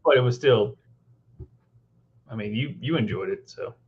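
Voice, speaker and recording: A man's voice: mid-range voice, normal speed, a little mellow. A man co-hosting a casual chat, rambling and circling back to repeat his words. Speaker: podcast co-host. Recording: dull lo-fi recording.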